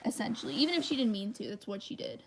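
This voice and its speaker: A woman's voice: medium pitch, wildly swooping pitch, quick pace, husky. A woman hosting a casual livestream, rambling and thinking aloud while she draws, with many restarts. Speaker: channel host.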